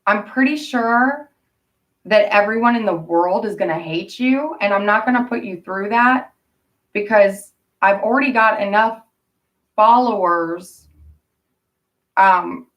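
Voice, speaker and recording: A woman's voice: medium pitch, measured pace, long pauses, recorded from a distance. Indignant rambling woman vlogger. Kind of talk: casual rambling vlog monologue.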